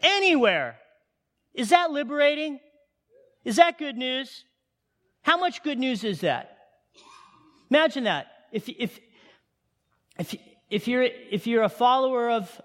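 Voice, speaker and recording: A man preaching a sermon to his congregation, animated and firing questions at them. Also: extremely high pitch. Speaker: pastor. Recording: long hall reverb.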